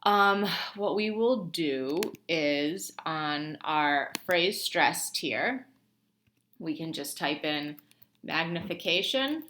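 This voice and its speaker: A woman's voice: deep voice, expressive, very slow, fairly bright tone, a little hiss or hum. A young woman instructor talking through a lab tutorial casually, thinking aloud with many ums and restarts. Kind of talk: screen-recorded lab tutorial.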